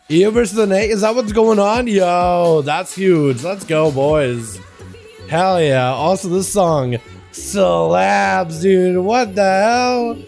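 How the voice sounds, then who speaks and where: Streamer, male, slight Russian accent, high-pitched, slangy and casual, faint music underneath. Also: creaky, darkish tone. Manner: slangy and laid-back, greets chat with "yo" and "boys". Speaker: game streamer. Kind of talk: casual livestream chat.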